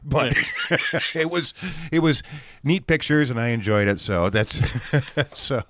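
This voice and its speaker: A man co-hosting a podcast in casual chat, hesitant with frequent pauses and easy chuckles. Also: medium pitch, expressive, fairly bright tone, no echo. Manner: hesitant, many ums and restarts, easy chuckles.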